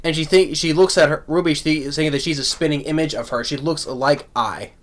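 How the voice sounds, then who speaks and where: A man giving a casual spoken anime review, halting with many restarts and repeated words, laughing often. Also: on the high side. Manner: laughs often while talking.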